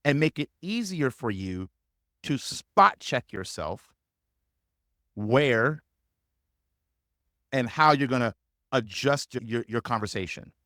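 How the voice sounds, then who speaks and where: A man's voice: mid-range voice, fairly bright tone, dry recording, studio quality. A man teaching sales as a coach in a live webinar, speaking emphatically and repeating key phrases to drive points home.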